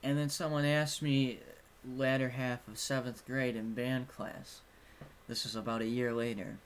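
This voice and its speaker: A man's voice: mid-range voice, little pitch movement, measured pace, slight background noise. A young man telling a personal story in a casual vlog, rambling and frank, swearing now and then. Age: young adult. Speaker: vlogger.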